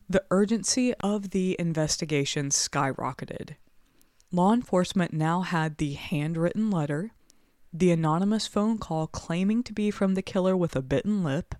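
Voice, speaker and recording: A woman hosting a true crime podcast in a notably low voice. She chats casually, peppering her speech with 'like', then shifts into read-out narration. The recording is close and dry. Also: a little mellow, no echo. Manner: casual, chatty, with frequent 'like'. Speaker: podcast co-host.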